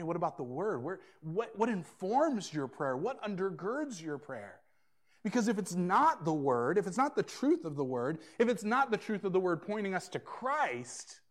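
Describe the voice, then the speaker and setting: A man preaching a sermon as pastor, earnest and emphatic, swinging between loud emphasis and quiet asides. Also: high-pitched.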